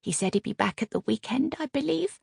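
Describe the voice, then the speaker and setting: A woman's voice: fairly high pitch, expressive, a little fast, gravelly, a little mellow, breathy edge, dry recording, studio quality, voice pushed up, heavily acted. A woman voicing a frail elderly male butler who answers respectfully and hesitantly. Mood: deferential.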